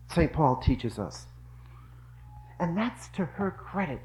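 A man's voice: sits high, expressive, slow, pauses often, darkish tone, rough recording. A middle-aged man giving an earnest devotional talk, telling stories and repeating phrases for emphasis. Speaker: religious speaker.

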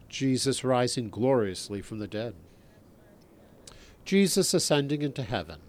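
A priest leading his listeners in prayer, reciting a long litany in a measured, solemn way. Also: mid-range voice, a little mellow, slight background noise.

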